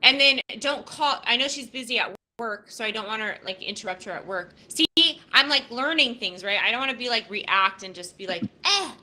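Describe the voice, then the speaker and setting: A woman in her fifties talks on a live podcast, her voice bright and edged with tension. She is blunt and profane, circling back and restarting as emotion pushes close to tears. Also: a little high, expressive, a little fast, few pauses, low-quality recording. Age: 50s. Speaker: podcast host. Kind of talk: casual live podcast talk.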